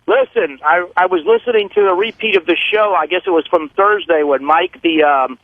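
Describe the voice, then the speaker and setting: A man's voice: high voice, normal speed, no echo. A man calling in to a radio show, recounting something with some hesitation, over a phone line. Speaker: radio caller.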